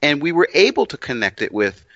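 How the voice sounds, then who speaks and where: A man co-hosting a casual religious discussion, speaking with measured, preacherly emphasis. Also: on the high side, very animated, pushed and bright, dry recording. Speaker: co-host. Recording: dry, muffled lo-fi audio.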